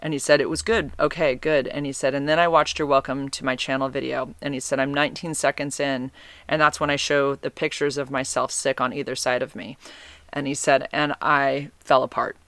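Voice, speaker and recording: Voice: medium pitch, level tone, fairly quick, a bit bright, no echo. A vlogger telling a personal dating story in a casual, rambling way, often correcting themself, open and emotionally candid.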